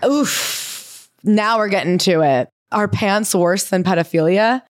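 A woman's voice: medium pitch, dry recording, studio quality. A woman co-hosting a podcast, wryly recapping a story in casual chat and reading passages aloud. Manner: fast, wry recapping. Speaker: podcast co-host.

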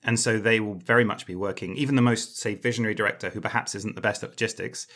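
Chatty man co-host with a bright, forceful voice, explains in a casual way. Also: on the low side, fast. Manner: chatty, explains industry matters, self-deprecating jokes. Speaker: podcast co-host.

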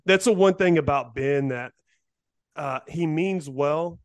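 A man guesting on a podcast, talking loosely and laid back with many pauses and fillers. His voice is mid-pitched, and the recording is dry. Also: dry recording. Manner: relaxed, rambling, halting with fillers. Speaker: podcast guest, former player. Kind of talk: casual interview chat.

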